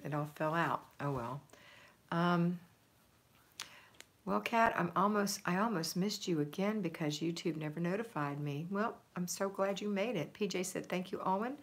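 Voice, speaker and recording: A middle-aged woman with a drawl hosts a casual home livestream and reads viewer comments aloud. Her voice sits a little low. She stays chatty and upbeat, often laughs, and fills pauses with ums. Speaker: home organizing livestream host.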